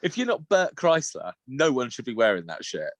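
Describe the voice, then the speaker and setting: A man's voice: mid-range voice, wildly swooping pitch, moderate pace. A man co-hosting a casual podcast chat over a video call, laughing often, swearing freely and reading listener messages aloud. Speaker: podcast co-host.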